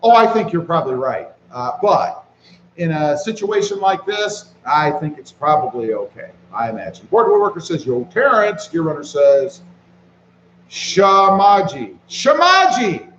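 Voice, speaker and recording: A man hosting a casual live stream, reading viewer comments aloud and greeting people by name in a relaxed way while he walks around with his phone. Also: a little high, moderate pace, echoey room, highs cut off, slight background noise. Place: walking around outdoors.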